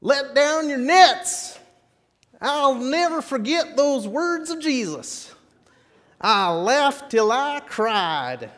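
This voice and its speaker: A man voicing an excitable old-timey Wild West fisherman in a folksy drawl, telling a first-person story during a sermon. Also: extremely high pitch, very slow, big-room sound, voice pushed up, heavily acted. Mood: nostalgic.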